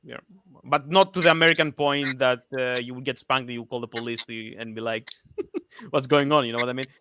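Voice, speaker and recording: Bright-voiced hesitant man chatting. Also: medium pitch, steady tone, a little fast, no room sound, studio quality. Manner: hesitant, filler-heavy. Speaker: stream co-host. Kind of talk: casual stream chat.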